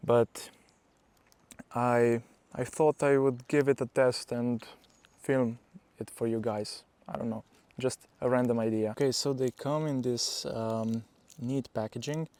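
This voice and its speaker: A young man chatting to his viewers in a casual vlog, earnest and unpolished, stumbling through a few restarts as he goes. His voice sits at a middling pitch. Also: steady tone, measured pace, a little mellow, no echo. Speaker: powerlifting vlogger. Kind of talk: casual vlog talk to camera.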